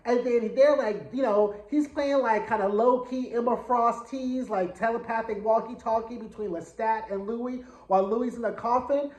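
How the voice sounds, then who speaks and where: A man's voice: extremely high pitch, fairly even intonation, moderate pace, hardly any pauses, a little mellow. A man giving a casual episode recap. His retelling is chatty, slangy and dramatic. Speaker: TV show reviewer. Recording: echoey room.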